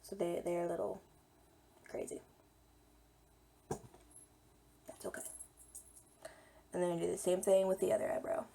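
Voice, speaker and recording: Slightly hoarse, gravelly-voiced young woman. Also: on the low side, little pitch movement, fast, dark tone, a little hiss or hum. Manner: chatty, talks while applying makeup. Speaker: beauty vlogger. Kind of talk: casual makeup tutorial.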